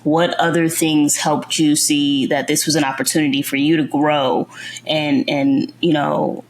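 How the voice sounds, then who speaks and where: A woman's voice: low voice, level tone, unhurried, low-quality recording. A woman hosting an interview, asking long rambling questions full of fillers. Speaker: podcast host. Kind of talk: casual interview.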